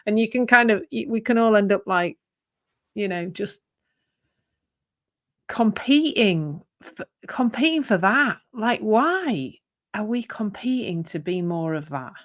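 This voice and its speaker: A woman's voice: mid-range voice, expressive, a little slow. A woman co-hosting a podcast, musing aloud in a thoughtful, rambling way and laughing easily. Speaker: podcast co-host. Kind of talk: casual reflective conversation.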